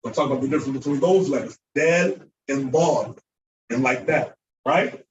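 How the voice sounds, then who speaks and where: A man teaching an Arabic class, lively and repeating words for drilling. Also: medium pitch, moderate pace, muffled recording, slight background noise. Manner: animated, acts out mispronunciations, repeats words for drilling. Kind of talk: classroom lecture. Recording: echoey room, voice from far off.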